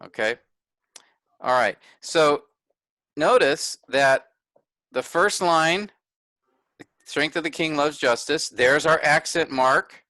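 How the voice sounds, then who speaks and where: Male workshop teacher, clear bright tone, dry close sound, methodical explainer. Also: fairly high pitch, slow, long pauses, no echo. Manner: pointing things out step by step, self-correcting. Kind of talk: explaining a text on screen.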